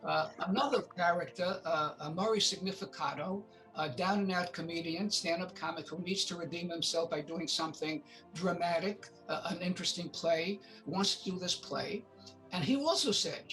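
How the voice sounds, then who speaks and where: A man's voice: high-pitched, fairly bright tone, soft background music, rough recording. A man being interviewed as a film producer, telling stories with many fillers and restarts, acting out what others said. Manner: halting, many fillers, acts out quotes. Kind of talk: interview guest, casual storytelling.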